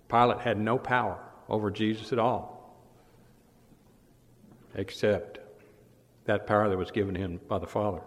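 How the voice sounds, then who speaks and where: A man preaching a sermon, retelling scripture dramatically and swinging between loud and hushed passages. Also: on the low side, fairly even intonation, moderate pace, long pauses. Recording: long hall reverb.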